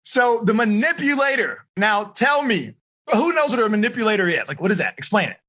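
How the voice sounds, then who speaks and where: A middle-aged man, a teen life coach, teaching a live online seminar in an energetic, questioning way. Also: sits high, a little fast. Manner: energetic, asks questions, coaxing.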